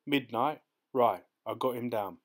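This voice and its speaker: A man voicing a brisk, cocky male dog-race organiser in an audiobook, speaking curtly and dismissively. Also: mid-range voice, close to an everyday voice. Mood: brusque. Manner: curt, dismissive, sharp and loud. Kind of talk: audiobook character voice.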